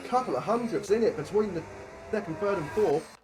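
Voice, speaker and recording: A man's voice: sits high, lively intonation, fairly quick, darkish tone. A man commentating a sim racing league in casual, bantering live-stream style. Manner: chatty, swearing, banter. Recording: noisy home stream mic.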